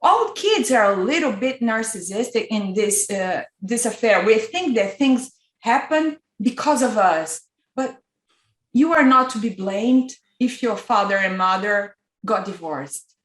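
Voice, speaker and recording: A woman hosting an interview, speaking slowly and reflectively, gently explaining ideas. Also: a little high, animated. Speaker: host. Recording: echoey room.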